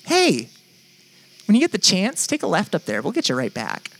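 A man putting on a soft, patient sat-nav voice. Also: high-pitched, wildly swooping pitch, moderate pace, heavily acted. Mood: reassuring. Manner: soothing, reassuring. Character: calm patient gentle GPS navigation voice.

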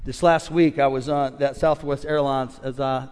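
A man in his fifties preaching a sermon, swinging between loud calls to the congregation and quiet storytelling. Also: medium pitch, moderate pace, clean tone. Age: 50s. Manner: animated preacher, shifts from shouting to quiet storytelling. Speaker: pastor. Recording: long reverb of a large hall.

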